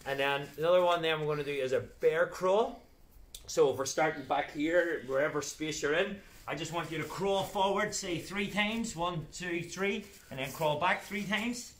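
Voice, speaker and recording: A man's voice: fairly high pitch, moderate pace, a bit bright, roomy sound. A man leading a live children's PE class, giving playful step-by-step exercise cues. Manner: upbeat, playful, step-by-step cueing. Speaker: children's PE coach. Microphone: camera set back across the room.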